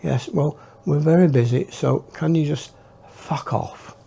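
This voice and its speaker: A man voicing a young friend who answers in a dry, deadpan, blunt way. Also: a little high, a little slow, vocal fry, slight background noise.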